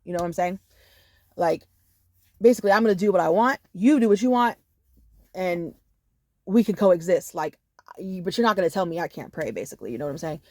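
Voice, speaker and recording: A woman telling a casual storytime monologue to camera, animated and profane, with many "you know"s. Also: fairly low pitch, fairly quick, long pauses, no echo, studio quality. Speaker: storyteller vlogger.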